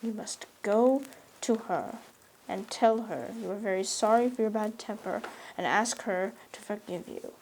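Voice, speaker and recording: A woman's voice: mid-range voice, measured pace, darkish tone, a little hiss or hum, lightly acted, low-quality recording. A woman reading a novel aloud, voicing a stern older woman guardian who scolds in a dry, reproving way. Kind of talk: audiobook reading.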